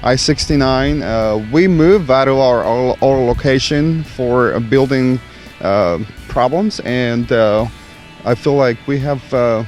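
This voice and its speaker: A restaurant owner speaking haltingly in a casual outdoor interview. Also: male voice, medium pitch, a little mellow, faint music behind. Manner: halting, many fillers.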